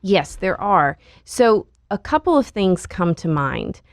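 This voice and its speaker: A woman who is a licensed counselor, calmly explaining coping skills as a podcast guest. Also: on the low side, no echo, clean studio sound. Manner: calm, measured explaining. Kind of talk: podcast interview.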